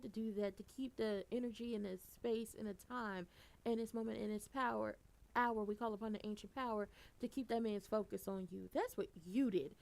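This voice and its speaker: A woman giving a casual, animated recap, blunt and profane, and she gets loud for emphasis. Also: a little high, normal speed, gravelly. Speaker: soap opera recapper.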